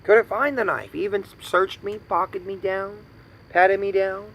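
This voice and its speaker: A man's voice: high voice, steady tone, measured pace, fairly bright tone, low-quality recording. A man in his thirties from the United States giving an angry personal rant, indignant and profane, hammering points with repetition. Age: 30s. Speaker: vlogger ranting.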